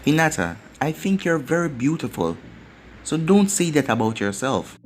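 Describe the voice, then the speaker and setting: A man's voice: a little high, very animated, normal speed. A man doing Naruto, brash earnest young ninja. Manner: earnest, commanding. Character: brash loyal young male ninja leader. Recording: faint background music.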